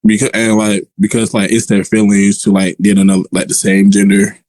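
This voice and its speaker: Man, put-on accent, mellow tone, filler-heavy voice chat debater. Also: lowish voice, completely flat delivery, no room sound. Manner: put-on Jamaican-style accent, drawn-out "like" fillers.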